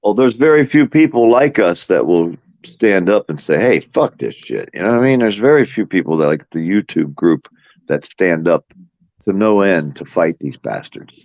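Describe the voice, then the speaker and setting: A man's voice: sits low, lively intonation, moderate pace, no room sound. A middle-aged man telling rambling, profane stories in casual chat as a podcast host. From moved to Florida as a teenager. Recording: dull, dry sound.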